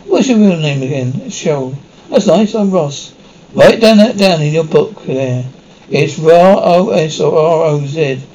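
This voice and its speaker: A man's voice: fairly high pitch, animated, a little slow, warm tone, slight background noise, low-quality recording. An actor playing a rambling, childlike male prisoner who shows off his tattoos and keeps stumbling over his words. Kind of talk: mockumentary comedy acting.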